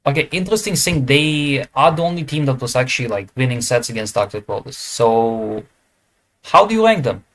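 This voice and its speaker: A man's voice: mid-range voice, animated, normal speed, fairly bright tone. Man, casual ranking commentary, hesitant, lots of fillers, self-corrections, mid-range voice. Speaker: esports tier list creator.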